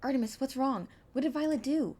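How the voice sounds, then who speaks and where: A woman's voice: high voice, brisk, dark tone, pitched above the performer's own voice. A woman voicing a worried young friend who calls out urgently. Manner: urgent, calling out.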